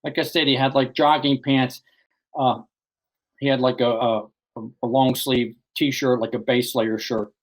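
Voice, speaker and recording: A man's voice: medium pitch, level tone, measured pace, low-quality recording. Man telling a personal story. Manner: rambling storytelling with frequent "you know" and restarts. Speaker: author guest. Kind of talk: recounting a personal story in an interview.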